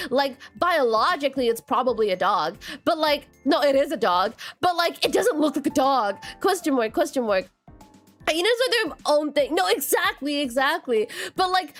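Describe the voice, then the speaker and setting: Lively chatty woman streamer. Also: sits high. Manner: rambling, reads chat aloud, repeats "question mark"; animated, quick laughs and bursts of excitement. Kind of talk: casual live-stream chat.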